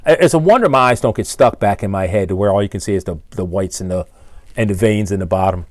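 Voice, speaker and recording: Older male engine builder, low-pitched, blunt and scolding; dry close recording. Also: animated, fairly quick, darkish tone, dry recording. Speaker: engine builder and channel host. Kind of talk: ranting to camera.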